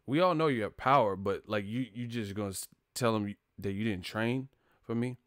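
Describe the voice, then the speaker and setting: A man hosting a casual boxing chat, talking in an animated, joking and profane way. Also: fairly low pitch, normal speed, dry recording, studio quality. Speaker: boxing commentary host.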